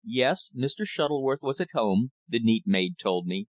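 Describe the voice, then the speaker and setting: A man reading an audiobook as narrator in a measured, steady manner. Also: medium pitch, no room sound.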